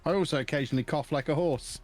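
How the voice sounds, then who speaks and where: A man's voice: a little high, fast talker, soft background music. A man chatting on a live stream, dry and matter-of-fact. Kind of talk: casual group chat on a live stream.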